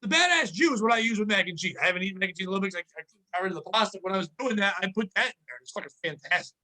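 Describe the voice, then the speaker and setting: A man hosting a casual podcast, ranting and swearing in an animated, comedic way. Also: high voice, rapid-fire. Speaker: podcast host.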